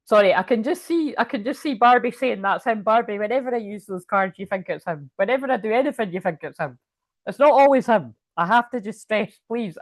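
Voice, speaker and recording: A woman's voice: mid-range voice, no room sound. A woman giving a casual channeled tarot reading, rambling with lots of fillers and swearing freely. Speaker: tarot reader.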